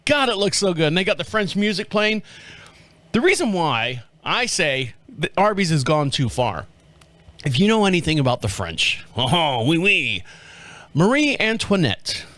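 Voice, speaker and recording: A man's voice: fairly high pitch, big pitch swings, moderate pace, a bit bright, no echo, soft background music. A middle-aged man from the States, hosting a podcast in a rambling, joking way and chuckling often. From southern United States. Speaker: podcast host. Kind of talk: casual chat.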